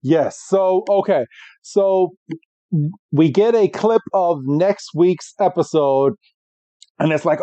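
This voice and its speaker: A man's voice: sits high, mellow, no echo. A man co-hosting a podcast, chatting casually and describing a preview he is watching for the first time. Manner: slow, laughs easily, narrates while watching. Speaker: podcast co-host. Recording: dull, dry lo-fi mic.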